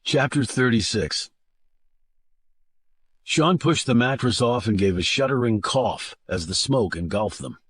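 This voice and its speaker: A man reading a thriller novel aloud as an audiobook narrator, with a steady, measured delivery into a close studio mic. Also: medium pitch, slightly rough. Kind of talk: scripted narration.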